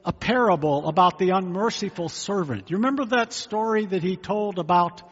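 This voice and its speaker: A husky, high-pitched man preaches a sermon at normal speed, keeping it conversational and posing rhetorical questions. He's a pastor in an echoey hall, and the sound is dull and lo-fi.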